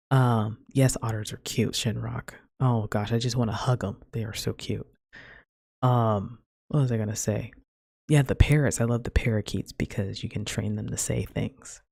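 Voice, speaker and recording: A woman's voice: very deep voice, creaky, dark tone, breathy edge, no echo, clean studio sound. A woman hosting her own podcast, chatting in a rambling, casual way full of "like" and "man". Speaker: podcast host. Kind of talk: casual solo podcast chat.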